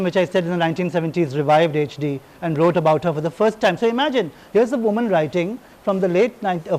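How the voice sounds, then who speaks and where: A man from India giving a public lecture, animated and irreverent, with digressive storytelling. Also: sits high, rough recording.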